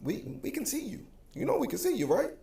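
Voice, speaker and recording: A man's voice: very high-pitched, huge pitch swings, brisk, gravelly, dark tone, reverberant. A man with an African American English accent in a blunt, emphatic direct-to-camera rant that keeps circling back to his points. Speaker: social media commentator.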